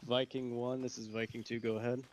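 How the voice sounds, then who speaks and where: Squad leader type, man, terse orders over game voice chat, mid-pitched. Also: flat delivery, a little fast, lo-fi sound, slight background noise. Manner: giving terse orders, some restarts. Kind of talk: military game voice comms.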